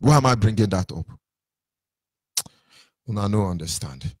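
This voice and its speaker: A man's voice: fairly low pitch, expressive, normal speed, no echo, clean studio sound. A man with a Nigerian accent giving an impassioned address to listeners on a call-in line, preaching and firing off rhetorical questions. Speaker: movement speaker on a call-in line.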